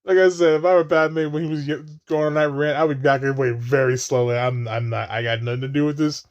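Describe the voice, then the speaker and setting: A man giving casual watch-along commentary on a movie. He laughs often, swears freely and does mocking high voices for the characters. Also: steady tone, fast, muffled recording.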